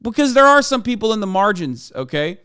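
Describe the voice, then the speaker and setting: A man ranting on a live stream, angry and full of profanity as he argues with viewers. His voice is high for a man, smooth and clear, and dry with no room sound. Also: big pitch swings, brisk, bright, forceful tone, no echo. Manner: heated, profane, argumentative. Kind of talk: live-stream reaction rant.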